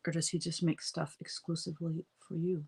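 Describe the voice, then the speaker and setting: A woman's voice: low-pitched, level tone, fairly quick, a little mellow, husky. Chatty woman greeting her live viewers. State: sniffly from allergies. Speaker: livestream host chatting with viewers. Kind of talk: casual live stream chat while crafting.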